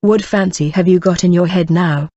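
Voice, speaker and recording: An audiobook reader voicing a weary young woman who speaks softly and pleads with her man. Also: mid-range voice, steady tone, moderate pace, no echo, dull audio, natural voice. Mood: pleading. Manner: soft, pleading.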